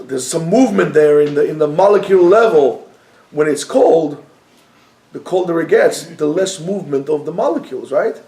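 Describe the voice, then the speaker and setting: A man teaching a lively Torah class to students, joking and mixing in Hebrew phrases. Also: on the high side, reverberant.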